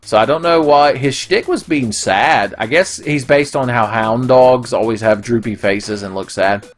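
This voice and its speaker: A man's voice: mid-range voice, measured pace. A man hosting a gaming video, rambling and profane in casual commentary. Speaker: gaming channel host.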